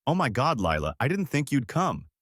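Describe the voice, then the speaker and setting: A man's voice: mid-range voice, huge pitch swings, moderate pace, fairly bright tone, husky, dry recording, studio quality, voice pushed up, heavily acted. A man voicing a fake-sweet young pregnant woman in a sing-song voice, during a narrated story.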